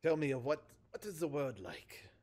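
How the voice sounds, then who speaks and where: A man's voice: on the high side, lively intonation, normal speed, darkish tone. A man voicing a big, jolly male troll ghost uncle in a put-on Russian accent, boisterous and doting. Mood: jovial.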